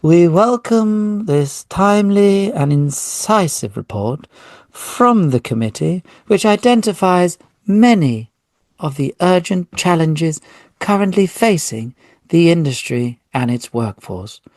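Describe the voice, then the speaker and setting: A man's voice: high-pitched, animated, slow, darkish tone, dry recording, studio quality, voice pushed up, full character voice. A man voicing a plain-spoken female union leader in an exaggerated mock regional accent. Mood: earnest.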